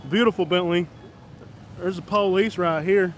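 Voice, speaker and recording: A man's voice: high voice, lively intonation, moderate pace, long pauses, fairly bright tone, a little hiss or hum. A man live-streaming outdoors on a busy street, joking with chat and mock-scolding passing drivers. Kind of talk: live-stream vlog, commenting on passers-by.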